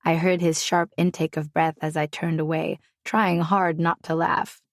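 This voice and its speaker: A woman narrating a romance audiobook in first person, wry and expressive. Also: low voice, unhurried, no echo, clean studio sound.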